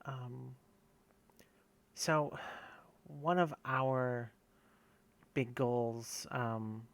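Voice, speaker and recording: A man's voice: mid-range voice, very slow, dry recording. A man hosting a podcast, asking long, casual questions full of fillers. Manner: casual, rambling, many fillers. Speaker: podcast host.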